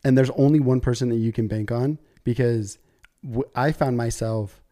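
A man's voice: medium pitch, fairly even intonation, moderate pace, warm tone. A man co-hosting a podcast, talking earnestly and directly to the listeners. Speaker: podcast co-host. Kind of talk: casual chat.

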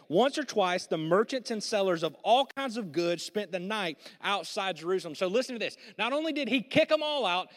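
A male pastor delivering a sermon with energetic, joking delivery and prompts to the congregation. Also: high-pitched. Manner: energetic, jokey preaching with audience prompts. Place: church sanctuary. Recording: church hall with long reverb.

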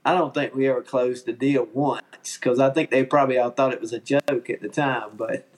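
A man's voice: mid-range voice, fairly even intonation, normal speed. A man with a Southern accent, a podcast guest telling stories in an easygoing way and chuckling often. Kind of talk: casual chat.

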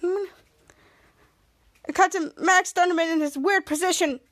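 Woman, podcast host, very high-pitched, casual rambling recap, frequent restarts. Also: steady tone, a little slow, fairly bright tone. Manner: rambling, with restarts and stumbles over words.

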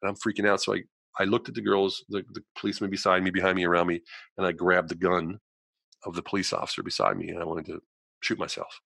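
A man, a guest in a conversation, telling a personal story in an animated way, acting out the voices of people he quotes and using lots of "you know" fillers. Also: deep voice, fast, gravelly, no echo.

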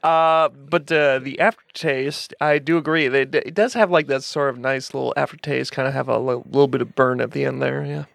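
A man's voice: mid-range voice, steady tone, moderate pace, creaky, few pauses, a bit bright, dry recording. A man in a casual group chat, self-deprecating and swearing casually.

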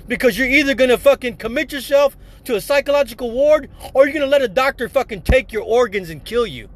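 Man, very high-pitched, angry profane podcast rant, keeps saying folks. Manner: repeats "folks", drops low on it. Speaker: podcast host.

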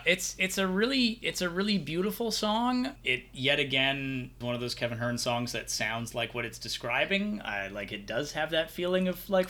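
A man co-hosting a podcast in casual chat, expressive and opinionated, with a jokey streak. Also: fairly high pitch. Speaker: podcast co-host. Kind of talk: casual chat about an album.

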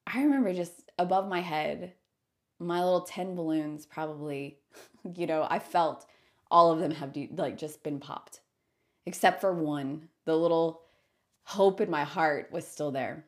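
Woman podcast host with a slightly low voice, casual storyteller, animated, lots of fillers. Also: measured pace. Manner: chatty, animated, many filler "like"s and self-corrections.

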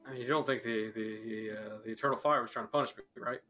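A man's voice: mid-range voice, fairly even intonation, fast, pushed and bright, faint music behind, close to an everyday voice. A man doing a shifty, evasive merchant. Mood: nervous. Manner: hesitant, rambling excuses.

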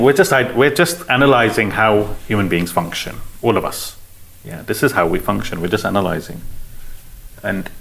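A man with a low voice leads a spiritual discussion. He explains things patiently, going back over his points in a calm, even way. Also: poor audio. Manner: calm, explanatory, repetitive phrasing. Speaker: spiritual teacher. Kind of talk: teaching discussion.

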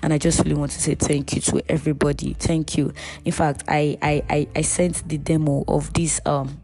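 Low husky-edged woman podcasting warmly. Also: flat delivery, normal speed. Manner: chatty and heartfelt, addresses listeners as "you guys". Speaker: podcast host. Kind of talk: casual faith podcast monologue.

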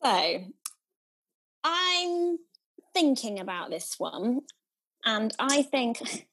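A woman co-host chatting casually, warm in tone, laughing often and stretching out her phrases. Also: on the high side, animated, takes it slowly, pauses often. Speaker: podcast co-host. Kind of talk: casual chat.

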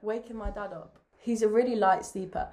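A woman co-hosting a podcast, telling lively family stories in a casual chat. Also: mid-range voice, fairly quick, slight background noise. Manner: lively storyteller, mimics family. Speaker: podcast co-host.

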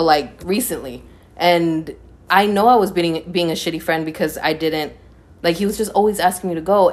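A young woman in a casual chat, talking bluntly and passionately and swearing freely. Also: fairly low pitch.

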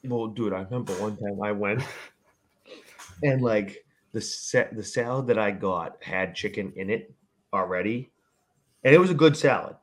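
A young man, co-hosting a casual podcast and telling loud, swearing stories full of shouted quotes. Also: lowish voice, measured pace. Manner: animated storyteller, swears, shouts when quoting his dad. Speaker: podcast co-host. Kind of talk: casual chat.

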